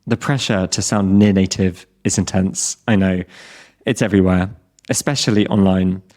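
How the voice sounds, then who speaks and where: A British man in his thirties speaks in a low voice as the host of an English-learning podcast. His talk is scripted but candid, with self-deprecating humour and steady encouragement for learners. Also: moderate pace.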